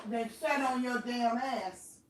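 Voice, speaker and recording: Venting at home, a woman vlogger complains in a profane, repetitive monologue using Southern African American vernacular. Her fairly high voice is slow and recorded from a distance, somewhat off-mic in an echoey room with faint background noise.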